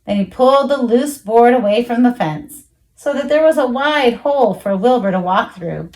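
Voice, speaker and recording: A woman reading a children's storybook aloud, expressive, jumping high for the animal voices. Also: moderate pace, poor audio. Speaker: children's book reader.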